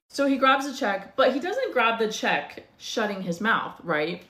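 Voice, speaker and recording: A woman's voice: fairly high pitch, big pitch swings, a little slow, sharp tone, roomy sound. A young woman telling a dating story in a casual, blunt, profane way, sounding exasperated.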